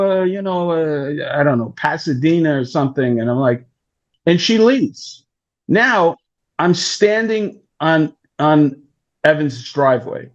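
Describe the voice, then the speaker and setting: Through dull audio, a slightly high-voiced man speaks at a measured pace. He's a talent manager spinning a long, animated anecdote as a guest in a casual interview, performing the voices of its characters.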